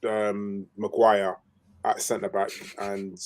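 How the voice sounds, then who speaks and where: A man's voice: on the low side, little pitch movement, takes it slowly. A man co-hosting a fan podcast, giving strong football opinions in an emphatic way with fillers. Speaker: podcast co-host. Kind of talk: casual football chat.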